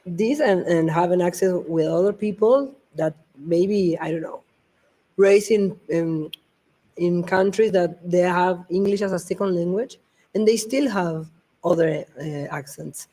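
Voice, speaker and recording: Guest: woman, Latin American Spanish accent, lowish voice, reflective and measured. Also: mellow, rough recording. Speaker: podcast guest. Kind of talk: live conversational podcast.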